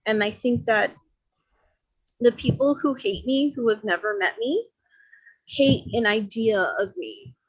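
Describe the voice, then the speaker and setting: A woman from Miami talking in a casual podcast discussion, chatty and animated, with many fillers. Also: a little high, a little slow, long pauses, breathy edge. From Miami, Florida.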